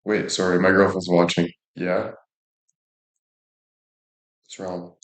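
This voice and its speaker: A man's voice: deep voice, monotone, slow. Joking, swearing streamer man, echoey room. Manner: joking, swears freely, thanks viewers by name. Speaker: livestreamer. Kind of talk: casual livestream chat.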